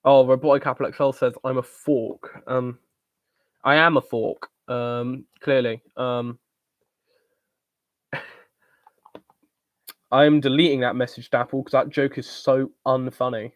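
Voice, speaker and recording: A man's voice: mid-range voice, level tone, unhurried, pauses often, dry recording, studio quality. A young man from the UK hosting a casual live-stream Q&A, rambling with lots of ums and joking bluntly. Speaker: channel host answering viewer questions.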